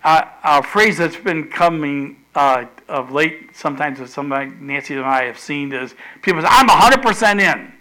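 A middle-aged male pastor preaching a sermon, animated, repeating phrases and loudly acting out the quotes he tells. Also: on the high side, moderate pace, few pauses, rough recording.

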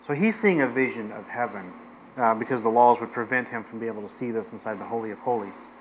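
A man's voice: medium pitch, quick pace, a little hiss or hum, poor audio. A man preaching a sermon as pastor, in a conversational way with frequent fillers, restarts and self-deprecating asides.

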